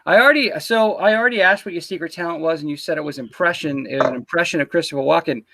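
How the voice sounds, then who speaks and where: A man's voice: on the high side, fast, pushed and bright. A man hosting a casual livestream interview, teasing and swearing loosely as he chats into a computer mic. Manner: teasing, profane, loose banter.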